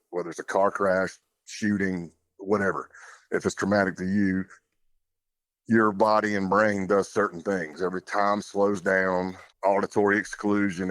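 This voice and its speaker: A man's voice: sits low, no echo. A man talking as a podcast guest, telling his story in a plainspoken, loose way with casual fillers. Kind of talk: conversational storytelling.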